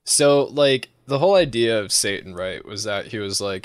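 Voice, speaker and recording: A man's voice: on the low side, animated, moderate pace, few pauses, clean tone, no room sound. Brief: American guy, podcast co-host, foul-mouthed rambling banter, dry close sound. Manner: profane, mocking, rambling with fillers. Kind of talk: crude casual chat.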